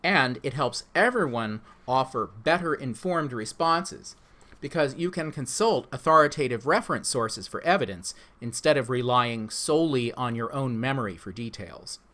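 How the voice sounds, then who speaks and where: A man in the role of instructor talks students through an online course orientation. His pitch sits in an ordinary middle range, and he reads from a script at a steady, instructive pace. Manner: measured, instructive.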